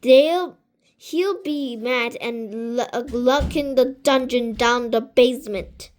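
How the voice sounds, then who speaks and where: Slow, high-voiced storybook reader. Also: female voice. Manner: halting, with slips and restarts. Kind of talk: reading a children's book aloud.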